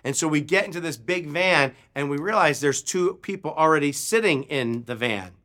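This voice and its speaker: A man preaching to his church in a bright, forceful voice that sits a little high. He tells a story with animation and gives voice to the people in it. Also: normal speed. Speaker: pastor. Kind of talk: sermon storytelling.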